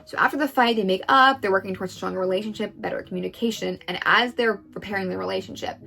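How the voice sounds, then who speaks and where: A woman retells someone else's story at a brisk, rapid clip. She is chatty and casual, dropping into quoted lines. Faint background music sits under her voice. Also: mid-range voice, gravelly, pushed and bright. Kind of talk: story recap commentary.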